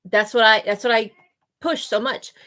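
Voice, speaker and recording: A woman's voice: a little high, fairly even intonation, moderate pace, pushed and bright. Earnest woman teacher on a podcast. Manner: earnest, emphatic, giggly. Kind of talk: casual podcast chat.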